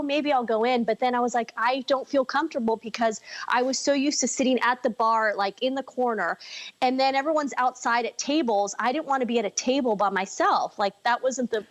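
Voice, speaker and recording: A woman in her forties talking candidly and emotionally as a podcast guest, rambling with many fillers. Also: fairly high pitch. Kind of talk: casual, candid conversation.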